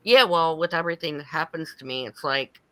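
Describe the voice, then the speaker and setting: Low bright-voiced woman on a call. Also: a little fast, no echo. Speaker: meeting participant. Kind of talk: casual support group chat. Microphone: video call.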